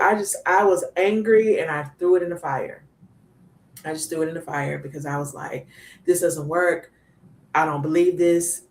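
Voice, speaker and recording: A woman's voice: fairly low pitch, roomy sound. A woman hosting a women's gathering, giving an impassioned, preachy testimony that repeats lines for emphasis. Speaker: host of a women's online gathering. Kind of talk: spirit-led testimony to a group.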